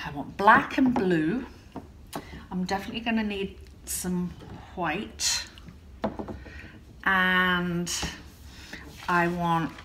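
A woman's voice: fairly low pitch, background noise. A woman hosting a casual art tutorial, chatting in a rambling way with frequent ums and self-corrections as she demonstrates at home.

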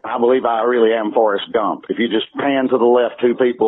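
A man from Alabama with a Southern accent, a guest comedian telling stories quickly on a radio talk show. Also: medium pitch, expressive, a little hiss or hum. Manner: fast-talking storyteller. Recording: tinny phone-like radio audio.

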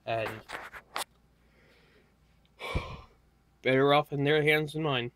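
A tired young man giving a casual, rambling hardware walkthrough, halting often with fillers as he moves around the camera mic. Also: on the high side, fairly even intonation, fairly bright tone, clear, resonant tone, dry recording. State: tired, yawning. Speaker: tech hobbyist vlogger.

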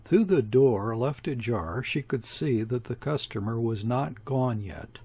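A man reading a classic novel aloud as an audiobook narrator, in a measured, steady delivery. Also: medium pitch, breathy edge. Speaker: audiobook reader. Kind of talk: scripted narration.

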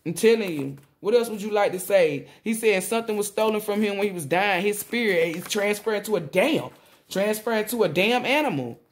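A woman tarot reader talking casually to viewers, rambling and excitable, often exclaiming and relaying messages in blunt slang with swearing. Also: mid-range voice, fairly quick. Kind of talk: casual spiritual reading to viewers.

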